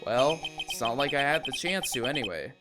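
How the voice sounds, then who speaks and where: A man's voice: mid-range voice, expressive, normal speed, over loud music. A man streaming a playthrough of a story game, reading the lines aloud and making wry, chatty asides. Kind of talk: let's play with reading aloud.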